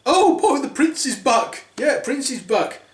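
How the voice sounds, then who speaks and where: A man voicing squabbling, coarse ugly stepsisters in a shrill high voice. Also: very animated, moderate pace, reverberant, recorded from a distance.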